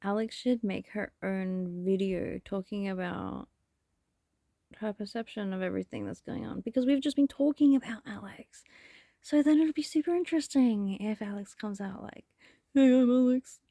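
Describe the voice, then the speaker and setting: A woman's voice: medium pitch, animated, moderate pace, dark tone, dry recording, clean studio sound. A woman talking to camera in a rambling, self-reflective vlog monologue, laughing often. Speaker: vlogger.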